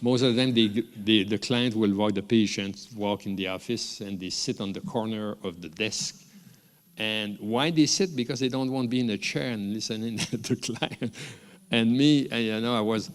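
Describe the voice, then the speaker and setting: A man's voice: fairly low pitch, moderate pace. A man with a French accent giving a rambling, unscripted graduation speech, with many restarts and small chuckles. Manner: rambling, warm asides, frequent restarts and chuckles. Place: large ceremony hall. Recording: long hall reverb from the ceremony room.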